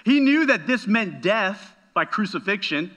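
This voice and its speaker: A man's voice: high-pitched, very animated, measured pace, a bit bright. A man preaching a sermon as a pastor, emphatic, often checking in with "right?" and repeating words as he goes.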